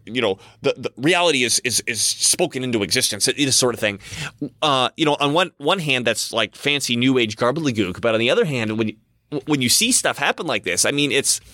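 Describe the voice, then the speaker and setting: A man's voice: medium pitch, sharp tone, dry recording, studio quality. A man giving a casual, rambling monologue as a commentator, often repeating himself and restarting his sentences.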